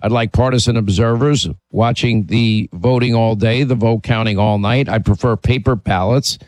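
A man's voice: mid-range voice, steady tone, normal speed, a little mellow, no echo. A man hosting a call-in talk radio show, talking emphatically and opinionatedly, sometimes restarting his sentences.

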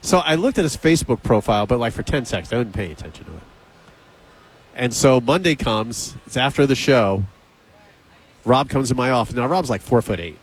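Male radio host, casual storyteller, animated delivery, plays out the dialogue himself. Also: medium pitch, brisk, husky. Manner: animated, acts out both sides of conversations. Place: radio studio.

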